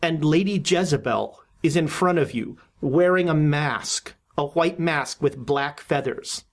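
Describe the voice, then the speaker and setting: Slow-talking keeper narrating a creepy dream, lots of uhs and restarts. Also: mid-range voice. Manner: halting, with many restarts and fillers. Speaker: game master. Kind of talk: narrating a horror tabletop game.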